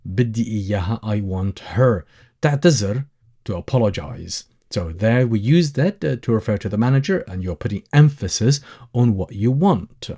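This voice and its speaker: A man gives a language lesson in a low voice whose pitch rises and falls a great deal. He explains patiently and says each example phrase more than once. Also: expressive, brisk, warm tone, breathy edge. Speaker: Arabic teacher.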